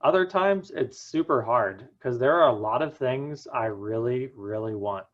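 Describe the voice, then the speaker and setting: Slow, earnest young man telling a story. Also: medium pitch, lively intonation, highs cut off. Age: young adult. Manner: earnest storytelling with dramatic pauses. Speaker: student speaker. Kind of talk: prepared personal talk.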